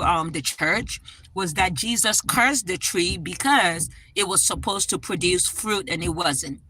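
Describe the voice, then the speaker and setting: A woman's voice: medium pitch, sharp tone, rough recording. A woman hosting a casual spiritual livestream, talking with feeling and often checking in with "right?". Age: adult parent. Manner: emotional, tearful at times, many "right?" asides. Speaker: livestream host.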